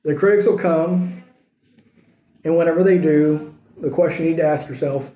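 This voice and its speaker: A man's voice: fairly high pitch, moderate pace, mellow, reverberant, low-quality recording. A man preaching a conversational sermon as pastor, using rhetorical questions. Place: church sanctuary.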